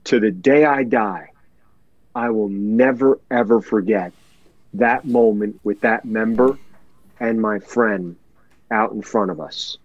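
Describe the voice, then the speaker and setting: Man guest, heartfelt storyteller who repeats words for emphasis; slow, dry, slightly muffled recording. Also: lowish voice, no echo. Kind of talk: heartfelt storytelling in a podcast chat.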